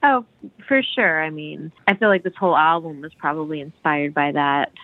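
A woman's voice: low-pitched, moderate pace, no room sound, phone-quality sound. A woman gushing about a song in casual podcast chat, rambling with lots of "like"s and restarts.

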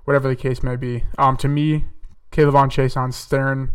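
On his podcast, a young man runs through a casual solo football mock draft in a level, even voice, thinking aloud with fillers and corrections. The voice is mid-range, smooth, and clear, picked up by a distant mic.

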